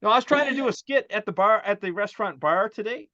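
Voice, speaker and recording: A man chatting casually as co-host, telling stories in a rambling, animated way with many restarts. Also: sits high, quick pace, no room sound, dull audio. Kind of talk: casual chat.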